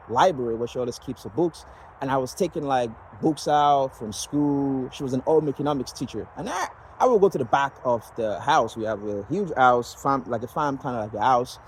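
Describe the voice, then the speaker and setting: A man's voice: mid-range voice, darkish tone, slight background noise, rough recording. Rambling man from Nigeria. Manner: rambling, many fillers and restarts. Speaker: vlogger sharing personal story. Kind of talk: casual personal storytelling.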